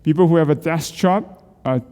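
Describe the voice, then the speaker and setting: Man, middle-aged, exercise instructor, coaching and joking, fairly high voice, long hall reverb. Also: normal speed, dark tone, clear, resonant tone. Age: middle-aged or older. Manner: coaching, asks the group questions, light jokes. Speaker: health instructor leading neck exercises. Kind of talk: live group exercise class. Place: church hall.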